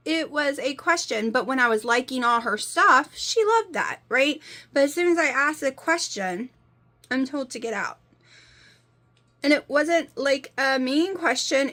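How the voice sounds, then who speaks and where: A woman's voice: high-pitched, expressive, moderate pace, pushed and bright. A woman, talking casually to camera in a rambling, exasperated, emphatic way. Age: 40s. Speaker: vlogger.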